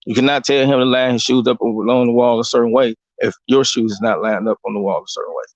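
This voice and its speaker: A man's voice: mid-range voice, steady tone, quick pace, dry recording, low-quality recording. A man, hosting a casual talk show and lecturing bluntly, with plenty of profanity and rising emphasis. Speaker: podcast host.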